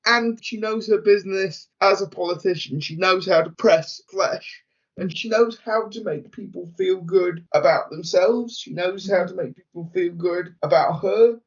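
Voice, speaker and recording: A man's voice: high voice, normal speed. A man co-hosting a podcast, musing aloud in casual chat and often repeating words as he gathers his thoughts. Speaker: podcast co-host. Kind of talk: casual discussion. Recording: dull lo-fi audio.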